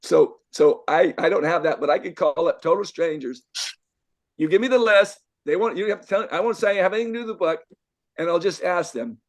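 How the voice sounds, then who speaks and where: Speaking at normal speed in a voice on the high side, an older man gives an emphatic motivational talk as a life coach to a live group in an event room. He repeats himself and fires rhetorical questions.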